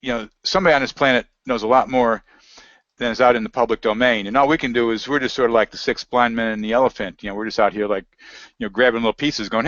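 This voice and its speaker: A man's voice: mid-range voice, steady tone, quick pace, fairly bright tone, no echo. Rambling man in dull, dry audio. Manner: rambling, reads aloud from web pages. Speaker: interview guest. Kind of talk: casual conversational interview.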